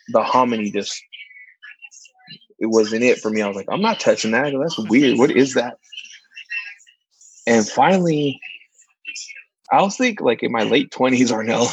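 A man co-hosting a casual chat, telling stories with lively, much higher put-on voices for the people he quotes. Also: creaky, breathy edge, no room sound, low-quality recording. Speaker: podcast co-host, church ministry worker.

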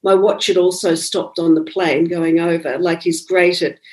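The recording is rough, capturing a woman with a fairly low voice talking at normal speed. She's a psychic medium sharing her experiences in an interview, telling them conversationally and animatedly while acting out quoted dialogue.

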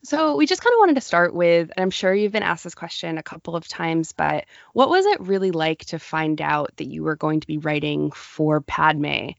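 A woman's voice: deep voice, lively intonation, moderate pace, gravelly, few pauses, no echo, highs cut off. A young woman co-hosting a podcast, chatting in an upbeat, enthusiastic way. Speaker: podcast co-host. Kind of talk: casual podcast chat.

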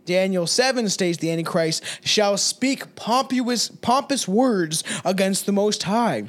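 A man's voice: high-pitched, animated, unhurried. A man co-hosting a podcast, talking casually and telling rambling, profane stories. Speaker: podcast co-host.

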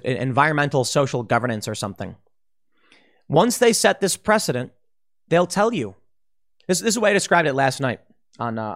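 A man giving an emphatic opinion commentary, warning listeners and sketching scenarios. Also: medium pitch. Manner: emphatic, warning, speculative, with restarts. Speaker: political commentator.

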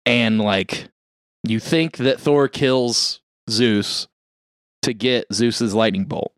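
A man's voice: on the low side, slow, no room sound, studio quality. A man casually recapping a movie for friends, rambling with lots of fillers and swearing. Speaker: podcast co-host recapping a movie.

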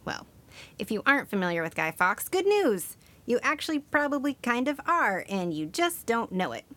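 A woman co-hosting a comedic podcast who delivers wry, deadpan jokes in a playful tone. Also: fairly high pitch, normal speed. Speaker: podcast co-host. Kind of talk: comedic scripted storytelling.

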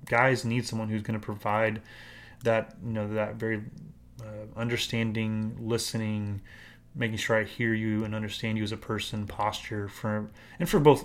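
A man co-hosting a podcast as a marriage counselor, talking earnestly and explaining things with frequent "right?" checks. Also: lowish voice. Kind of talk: casual podcast chat.

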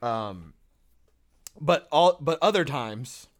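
A man chatting casually on a podcast over a call, animated and profane, laughing often. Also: mid-range voice, takes it slowly. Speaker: podcast co-host.

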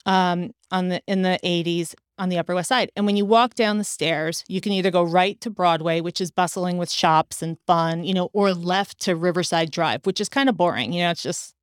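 Middle-aged woman host, smooth clear voice, animated storytelling, dry close mic. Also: lowish voice, moderate pace, hardly any pauses, no echo. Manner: animated, acts out quoted dialogue. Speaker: podcast host. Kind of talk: casual chat, personal storytelling.

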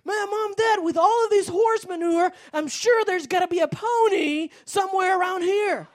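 A woman voicing a cheerful young boy who squeals and shouts with excitement in a story. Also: very high voice, normal speed, pitched above the performer's own voice. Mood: overjoyed.

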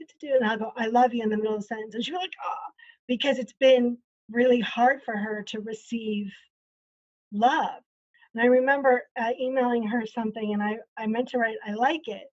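A woman's voice: a little high, steady tone, fairly quick, lo-fi sound. A woman coach talking earnestly in a casual interview, acting out quoted conversations as she explains.

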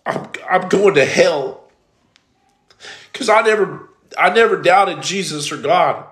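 A man's voice: sits high, animated, takes it slowly, a bit bright. A man telling his personal testimony in a blunt, emphatic, streetwise way, like a preacher. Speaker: storyteller giving testimony. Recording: roomy echo.

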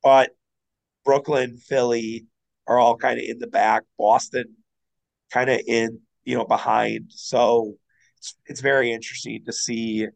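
A man co-hosting a podcast, chatting casually about basketball, excitable and quick to swear. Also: creaky, poor audio. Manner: excitable, swears, jumps in with rising pitch. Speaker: podcast co-host. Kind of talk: casual sports chat.

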